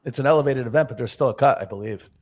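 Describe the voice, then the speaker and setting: A man co-hosting a casual sports podcast, talking through golf bets in a relaxed, chatty way. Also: mid-range voice, rapid-fire. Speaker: podcast co-host. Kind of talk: casual sports betting chat.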